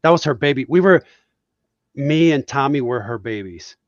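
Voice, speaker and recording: A man's voice: medium pitch, animated, normal speed, no echo, lo-fi sound. A man from Puerto Rico, a guest cartoonist, telling reflective, heartfelt stories in a casual podcast chat.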